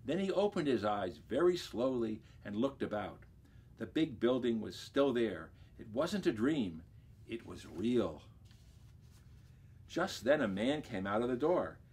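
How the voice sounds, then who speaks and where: Husky man reading a storybook aloud. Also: mid-range voice, a little slow. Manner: expressive, lively storytelling. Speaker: library director.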